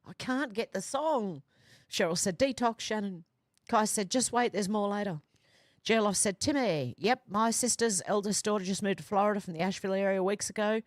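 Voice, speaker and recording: A woman's voice: medium pitch, normal speed, no room sound, clean studio sound. A woman hosting a casual livestream, reading viewer comments aloud and adding chatty asides with fillers. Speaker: livestream host.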